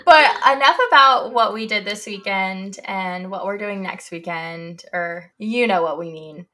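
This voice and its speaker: Bright, chatty young woman co-host. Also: mid-range voice, a little slow. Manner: chatty, many fillers like "like" and "you know". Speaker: podcast co-host. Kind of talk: casual chat.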